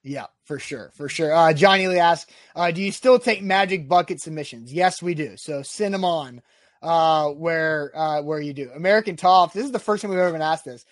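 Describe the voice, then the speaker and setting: A man from the Nashville area hosting a casual sports talk show, reading listener questions in a brisk, firm way, with no Southern accent. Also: fairly high pitch, no room sound, studio quality. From Nashville area, Tennessee. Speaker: podcast host.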